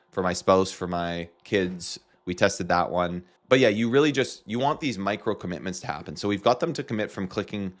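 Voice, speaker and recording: Low-voiced man coaching on marketing. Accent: Canadian. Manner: casual, quick, joking asides. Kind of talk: screen-share tutorial.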